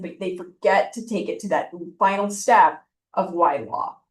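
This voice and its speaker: A woman's voice: on the low side, unhurried. A woman giving informal admissions advice in a chatty way, with frequent fillers. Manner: chatty, with frequent ums and likes. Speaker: law school admissions speaker. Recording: echoey room, voice from a distance.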